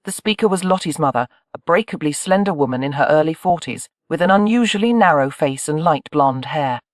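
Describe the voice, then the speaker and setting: An audiobook narrator reading a historical romance in an even, measured way. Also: mid-range voice, no room sound, studio quality. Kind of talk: scripted narration.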